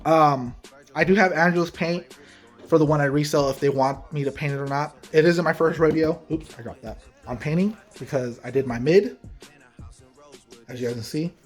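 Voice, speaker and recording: A man, a parent and sneaker vlogger, telling a casual story to the camera with quoted dialogue, animated and heated. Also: fairly high pitch, normal speed, soft background music. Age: adult parent.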